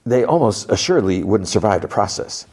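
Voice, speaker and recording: A man voicing a smooth-talking male salesman who is overly courteous and quietly menacing. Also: fairly low pitch, lively intonation, fairly quick. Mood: oily polite.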